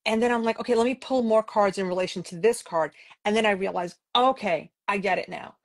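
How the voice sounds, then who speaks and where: A woman from New York City telling stories in a casual, animated way. She acts out what she said back then and fills her talk with "like." Her voice sits in an ordinary middle pitch. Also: brisk. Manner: animated, acts out her own past remarks, frequent "like". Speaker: podcast co-host and guest. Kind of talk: casual conversational storytelling.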